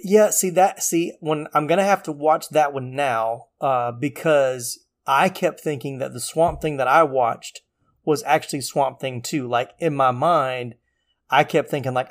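A man's voice: medium pitch, unhurried. Chatty man on a podcast. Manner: chatty, rambling, laughs often. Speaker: podcast co-host. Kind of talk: casual podcast chat.

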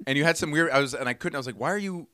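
A man's voice: mid-range voice, rapid-fire, pushed and bright, dry recording, studio quality. A man co-hosting a podcast, casually telling a rambling story and acting out both sides of the conversation. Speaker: podcast co-host. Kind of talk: casual chat.

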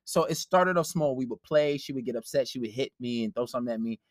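A man's voice: medium pitch, quick pace, no room sound, clean studio sound. A man telling a profane story in a casual podcast chat, acting out the quotes. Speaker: podcast host.

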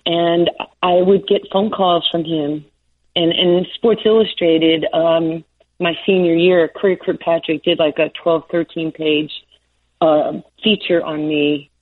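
A woman in her sixties from New York, a former basketball player, telling stories in an interview, laughing often and acting out the voices of the people she quotes. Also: fairly low pitch. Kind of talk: storytelling interview. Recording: tinny phone-line sound.

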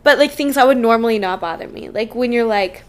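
A young woman with a high, bright-pitched voice talks casually on a podcast as a guest co-host. She is chatty and teasing and laughs easily. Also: a little fast.

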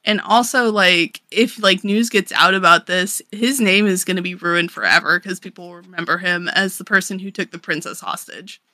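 Woman, podcast co-host, casual chat, bright voice, dry close sound, filler-heavy, swears, paraphrases characters. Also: lowish voice, steady tone, moderate pace, hardly any pauses, no echo. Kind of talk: casual chat recapping a manga.

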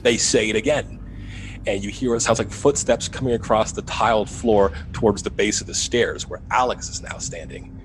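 A man who works as a paranormal investigator, telling the story of a haunting in an animated, building way in an interview. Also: lowish voice, moderate pace, faint music behind, poor audio. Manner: animated retelling, rising to loud urgency.

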